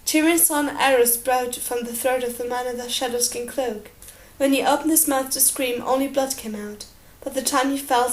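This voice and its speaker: A woman narrating an audiobook in a steady, expressive storytelling manner. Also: sits high. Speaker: audiobook reader. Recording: roomy echo.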